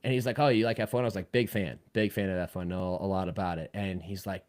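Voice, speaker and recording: A man from Cleveland co-hosting a podcast, telling a long story in a lively way that swings between loud outbursts and quiet asides. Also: low voice, fast, few pauses. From Cleveland, Ohio. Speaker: podcast co-host. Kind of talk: casual chat, telling a story.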